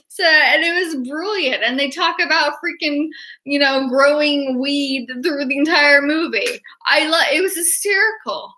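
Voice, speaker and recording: Bright-voiced, excitable woman rambling. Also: high-pitched, unhurried. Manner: excited, rambling, many restarts and laughs. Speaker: artist and horror-fan vlogger. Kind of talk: casual livestream chat.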